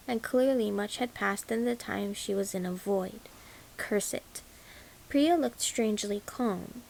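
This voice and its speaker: A woman reads a novel aloud at an even, unhurried pace. Her voice sits a little high and has a gravelly edge. A faint hiss runs under the recording. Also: low-quality recording. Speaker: audiobook reader. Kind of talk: audiobook narration.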